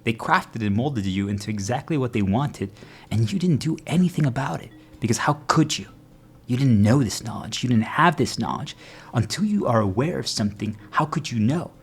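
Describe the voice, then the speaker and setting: A man giving a motivational talk to his viewers, earnest, often asking if they follow, and jumping into quoted voices. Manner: earnest, repeatedly checking the audience follows; acts out quoted voices with sudden pitch jumps. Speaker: motivational speaker.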